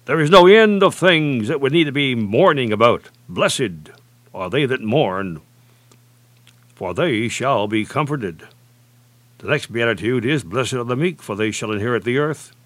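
A male preacher delivering a sermon with deliberate, emphatic phrasing. He slows down heavily for scripture quotations. His mid-pitched voice is recorded close and dry, with no room echo. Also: a bit bright.

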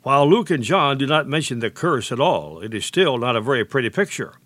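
Man preaching a measured sermon. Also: mid-range voice, big pitch swings, fairly bright tone, no room sound. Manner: measured, deliberate preaching with slowed emphasis on quotations.

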